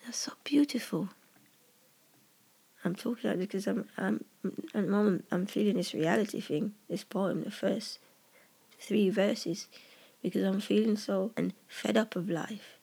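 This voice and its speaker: A poet talking earnestly about their own poem in a personal, reflective monologue, halting and often dropping into whispers. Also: mid-range voice, gravelly, dark tone, breathy edge.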